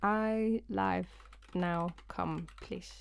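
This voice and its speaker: A woman's voice: mid-range voice, steady tone, drawn-out words, gravelly, smooth. A woman, a singer-songwriter chatting casually and giggling to viewers on her live stream from home. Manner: chatty, giggly and self-deprecating.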